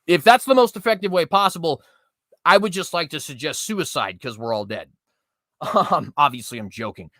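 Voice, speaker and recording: A man's voice: fairly high pitch, animated, normal speed, pushed and bright, dry recording, clean studio sound. A man in his twenties hosting political commentary, reading news aloud with heavy sarcasm and sudden mocking outbursts. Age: 20s. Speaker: commentary host.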